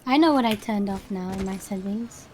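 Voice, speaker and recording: A woman playing a game with a streamer, chatting casually, playful and quick to swear. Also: mid-range voice, a little mellow, a little hiss or hum. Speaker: gaming teammate. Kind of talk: casual gaming chat.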